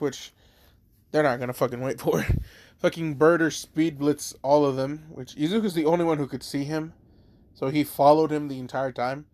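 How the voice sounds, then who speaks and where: Man, casual rambling storyteller, fairly high voice, dry close sound. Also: steady tone, normal speed, darkish tone, dry recording. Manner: rambling, lots of "like", swearing. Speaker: fan storyteller.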